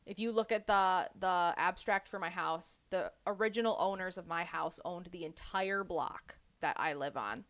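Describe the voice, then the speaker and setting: A woman's voice: fairly low pitch, normal speed, hardly any pauses. Chatty woman recapping a book. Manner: animated retelling with lots of "like" and "um". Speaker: podcast host. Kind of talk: casual book club chat.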